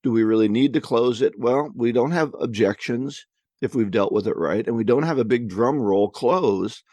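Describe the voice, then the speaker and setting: A man's voice: medium pitch, moderate pace, darkish tone, dry recording. A man co-hosting a podcast, reading listener questions and answering in a casual, conversational way, often repeating words as he thinks.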